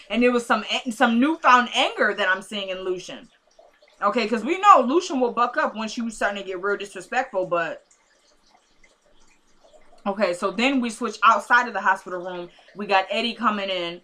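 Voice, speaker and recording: A woman's voice: medium pitch, expressive, normal speed, bright, forceful tone. A woman casually recapping a TV episode in a chatty way, with sassy asides, retelling scenes through quoted dialogue.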